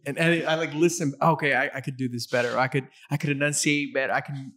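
A middle-aged man hosting a casual interview, talking in a halting way and often repeating his words. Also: mid-range voice, fairly even intonation, a bit bright. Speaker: interview host.

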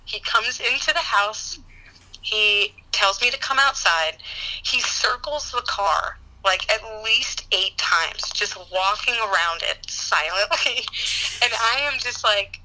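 A woman telling a personal story in a casual chat, animated and full of laughter and "like" fillers. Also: medium pitch, poor audio. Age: adult parent. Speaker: guest answering questions.

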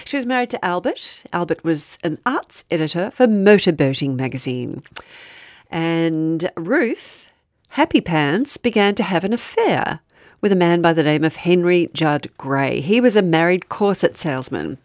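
Woman, podcast co-host, casual true-crime storytelling, low voice, dry close sound. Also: animated, unhurried, darkish tone, no echo. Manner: chatty storyteller, laughs often.

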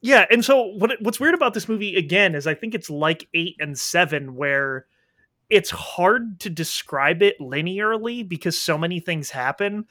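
A man chatting casually as a podcast co-host, reviewing a film in an animated, profane way and acting out his reactions. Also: high voice, normal speed, dry recording. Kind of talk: casual movie review chat. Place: indoors at home, rain outside.

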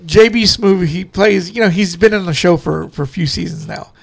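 A man with a high, gravelly, rambling podcast voice. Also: moderate pace. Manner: profane, laughing, rambling, acts out scenes. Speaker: podcast host. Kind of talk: casual chat.

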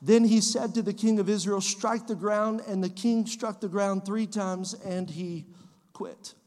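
A man with a very high voice preaches to his church congregation, repeating his points and rising to emphatic shouts. His voice rings with long reverb from the sanctuary. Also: fairly even intonation, a little slow. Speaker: pastor. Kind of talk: sermon.

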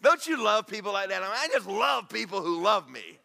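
A middle-aged man preaching a folksy sermon. His voice is bright and fairly high, and his pitch swings widely as he moves from homespun stories into fervent prayer. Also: big pitch swings, fairly quick, gravelly. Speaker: pastor.

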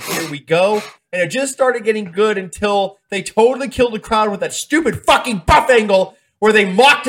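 A man's voice: high voice, a bit bright. A young adult man co-hosting a casual chat show, ranting heatedly with lots of swearing. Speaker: podcast co-host reviewing wrestling events.

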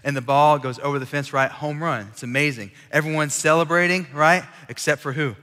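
A man preaches in a lively, chatty way and keeps checking in with the crowd. His voice is bright and rather high, and long reverb from a large church hall rings behind it. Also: brisk. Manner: animated, chatty, audience-engaging. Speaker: college ministry preacher. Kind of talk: casual sermon with storytelling.

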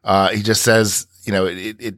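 A man's voice: on the low side, little pitch movement, moderate pace, a bit bright, no room sound, studio quality. A man co-hosting a podcast, recapping scenes in a rambling way with many restarts. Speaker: podcast co-host. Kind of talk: casual podcast discussion.

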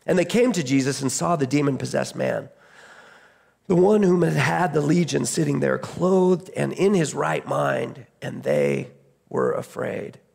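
Gravelly, husky pastor preaching casually. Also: male voice, a little high, animated, measured pace, a little mellow. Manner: conversational storytelling with repeated restarts. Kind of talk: sermon.

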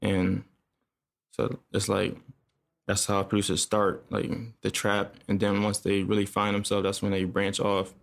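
Young male producer guest, low gravelly flat delivery, relaxed and halting. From upstate New York. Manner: laid-back, halting, lots of fillers. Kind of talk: casual interview chat.

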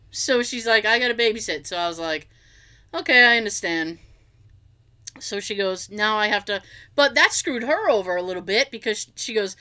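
A woman chatting casually, spinning an everyday anecdote with a lively voice that swoops up and down. Her tone is bright and forward, and she acts out each side of the conversation, throwing in the odd swear word. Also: mid-range voice. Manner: animated storyteller, acts out dialogue, swears casually. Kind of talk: casual chat.

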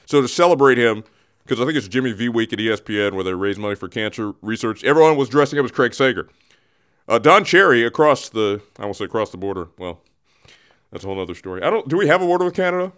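A man's voice: mid-range voice, expressive, fast, fairly bright tone, clear, resonant tone. A man hosting a radio show in a studio, talking sports in a loose, digressive way and often interrupting himself. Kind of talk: casual rambling sports talk.

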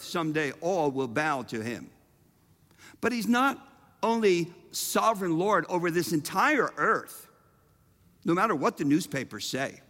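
A man preaching a sermon, emphatic and humorous, with dramatic pauses. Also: on the high side, lively intonation, fairly bright tone. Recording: reverberant hall.

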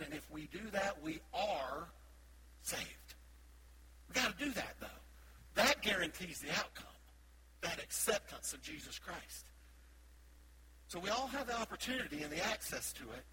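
A male pastor in his thirties preaching with a high, bright voice, rising to loud emphatic bursts and dropping into quiet asides. Steady hum and noise sit under the recording. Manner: admits he speaks loudly most of the time. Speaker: associate pastor. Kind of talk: sermon.

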